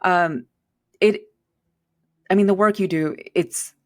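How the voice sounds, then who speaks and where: A woman's voice: fairly low pitch, fairly even intonation, slow. A woman hosting a podcast interview, asking questions in an encouraging way. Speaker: podcast host.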